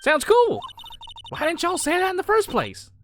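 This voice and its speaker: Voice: extremely high pitch, wildly swooping pitch, moderate pace, fairly bright tone, slight background noise, voice pushed up, heavily acted. A streamer voicing a brash young woman photographer with a put-on Southern US accent and a folksy, drawling way of talking. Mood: chatty.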